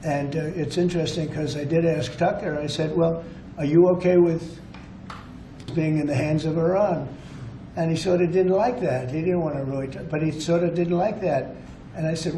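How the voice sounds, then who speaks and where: A man's voice: a little high, fairly even intonation, moderate pace, warm tone, a little hiss or hum. A man speaking as a politician answering reporters, with off-the-cuff, rambling, repetitive remarks. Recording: roomy clip with faint ambience.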